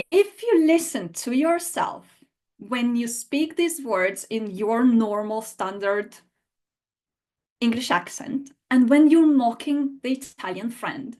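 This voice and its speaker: Female language teacher, online lesson; slightly high-pitched, slow and patient, walks through each point. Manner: patient, explains step by step and has learners repeat sounds.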